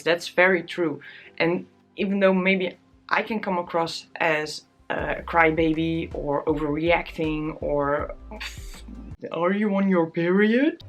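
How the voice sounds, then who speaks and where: A woman's voice: on the low side, a bit bright. Tearful young woman vlogging candidly. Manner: candid, self-deprecating, often laughing. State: tearful, close to crying. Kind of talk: casual chat to camera.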